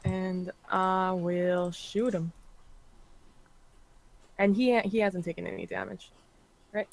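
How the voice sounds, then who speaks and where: A woman's voice: medium pitch, fairly even intonation, slow pace, gravelly, rough recording. A woman playing a tabletop game, chatting casually in a hesitant, playful way. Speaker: player.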